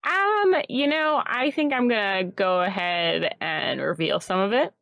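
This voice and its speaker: A woman's voice: medium pitch, expressive, unhurried, creaky, dry recording, dull audio. A woman playing a tabletop role-playing game, talking hesitantly and thinking aloud. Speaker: player. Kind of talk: tabletop role-play, casual chat.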